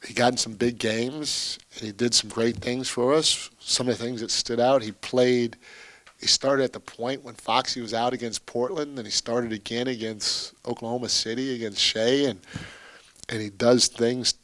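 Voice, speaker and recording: A man's voice: mid-range voice, fairly even intonation, normal speed, a bit bright, no room sound. A man, a basketball head coach, answering at a post-game press conference in a candid, rambling, chatty way with small laughs.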